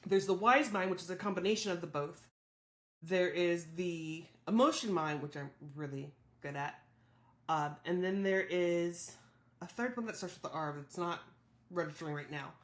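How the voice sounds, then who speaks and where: A woman's voice: fairly low pitch, normal speed. Woman podcaster talking it out, candid and self-reflective, voice bouncing around a roomy space. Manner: candid, self-reflective, quotes her own thoughts. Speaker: podcast host. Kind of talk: solo personal reflection.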